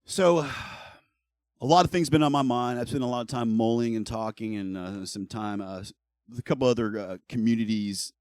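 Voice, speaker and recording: A man's voice: mid-range voice, moderate pace, a little mellow, clean tone, no room sound. A middle-aged man streaming live, talking casually and bluntly, ranting heatedly and swearing a lot. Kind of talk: casual livestream talk.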